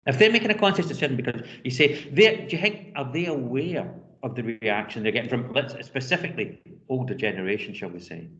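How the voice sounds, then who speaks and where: A man with a lilt leading a classroom discussion, asking questions in an animated way with many restarts. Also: mid-range voice, fast talker. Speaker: teacher. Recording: dull lo-fi sound.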